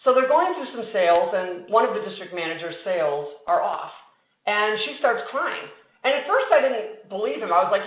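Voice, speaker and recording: A woman's voice: medium pitch, fairly quick. Woman giving an emphatic keynote talk. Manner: storytelling, emphatic, lively asides to the audience. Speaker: conference speaker. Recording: tinny, echoey hall sound.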